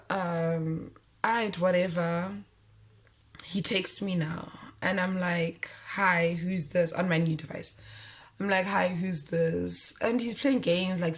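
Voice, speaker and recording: Young woman chatting to camera, kinda low voice, acts out everyone in the story. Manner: animated, acts out quoted lines in her story. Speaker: vlogger.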